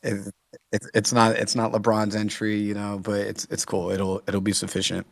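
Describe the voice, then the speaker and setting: A man's voice: on the low side, completely flat delivery, normal speed, vocal fry, no echo, studio quality. A man chatting casually as a guest in an online audio room, rambling and laughing easily. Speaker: guest speaker. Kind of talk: casual chat. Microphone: online audio room mic.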